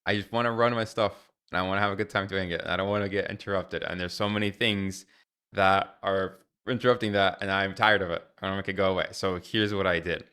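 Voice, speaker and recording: A man's voice: sits low, steady tone, fast talker, pushed and bright, clean tone. A young adult man streaming live, ranting in an exasperated way with lots of fillers and restarts.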